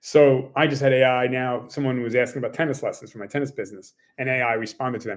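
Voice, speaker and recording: A man who runs a small tennis business, talking casually to his viewers in a rambling way, full of fillers and quick acted-out quotes. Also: medium pitch, steady tone. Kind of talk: casual talk to camera.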